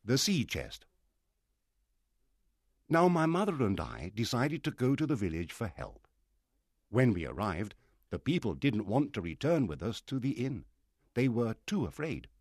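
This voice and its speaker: A man narrating a storybook aloud in an expressive reading style. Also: mid-range voice, unhurried, pauses often, breathy edge, no room sound, clean studio sound. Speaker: audiobook narrator.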